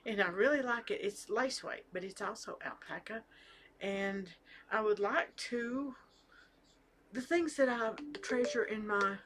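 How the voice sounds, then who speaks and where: A middle-aged woman talks casually about her knitting at home, rambling a little with fillers and restarts. Her voice sits at an ordinary pitch, with a faint hiss of room noise behind it. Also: a little slow, a bit bright. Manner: chatty, hesitant, with fillers and restarts. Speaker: knitting vlogger. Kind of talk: casual chat to camera. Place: home with family talking in the background.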